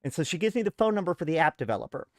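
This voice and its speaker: A man's voice: fairly high pitch, racing, dry recording, clean studio sound. A man hosting his show, telling a frustrated story in a casual rant and acting out what other people told him. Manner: animated storyteller, acts out others' replies. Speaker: show host. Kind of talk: casual rant to a live audience.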